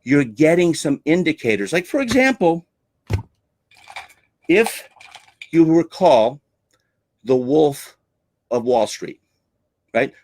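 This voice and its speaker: A man's voice: a little high, sing-song, takes it slowly, long pauses, darkish tone. A man coaching on sales with a theatrical, emphatic way of talking. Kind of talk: teaching talk on selling.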